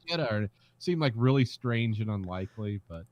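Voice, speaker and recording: Male podcast co-host, lower voice, deadpan wry riffs, dry sound. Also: brisk, no echo, lo-fi sound. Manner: dry wry commentary, mimics characters. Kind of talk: casual movie discussion.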